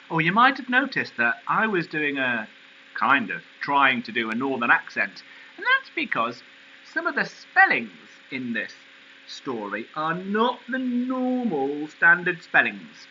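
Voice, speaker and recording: A male teacher explaining a poem in a recorded lesson, animated and questioning. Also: high voice, measured pace, lo-fi sound, a little hiss or hum.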